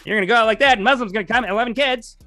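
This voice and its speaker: Guy doing a shouty convention ranter, hectoring and mocking, pitched way up. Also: very fast, no room sound, faint music behind. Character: ranting male fearmonger at a convention stall.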